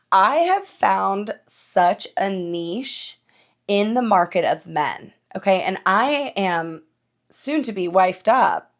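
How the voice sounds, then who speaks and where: A young woman hosting her own podcast, telling stories in a casual, animated way, swearing freely and laughing often. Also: mid-range voice. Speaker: podcast host. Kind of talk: casual solo podcast chat.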